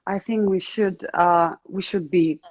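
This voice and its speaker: A woman hosts a live video chat in English, pausing often to search for her words. She speaks at an unhurried pace, and her voice arrives over a dull, lo-fi video call line. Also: lowish voice, fairly even intonation, a little mellow. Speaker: host.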